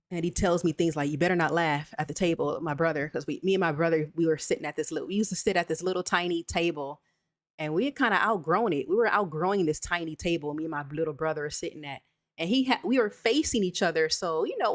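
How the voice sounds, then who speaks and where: A woman with a slightly low voice hosts a live chat, reading out viewer comments and answering them candidly. She talks straight to her audience in a casual, personal way. The sound is close and dry, with no room echo. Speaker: channel host.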